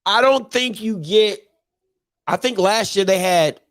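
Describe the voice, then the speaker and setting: A man's voice: high-pitched, unhurried, fairly bright tone, no room sound. A man hosting a live call-in sports talk show, talking emphatically and repeating his points.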